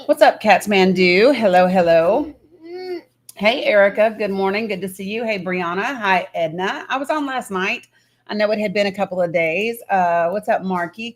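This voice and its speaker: A woman's voice: medium pitch, slight background noise. A woman in her thirties hosting a casual livestream, greeting viewers by name and setting ground rules. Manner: greets viewers one by one, talks to her kids off-mic. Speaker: livestream host.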